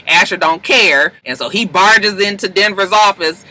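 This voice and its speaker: A woman recapping a TV episode in a casual, profane, animated way, jumping into high voices to act out the characters. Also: normal speed, few pauses, poor audio. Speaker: TV recap vlogger.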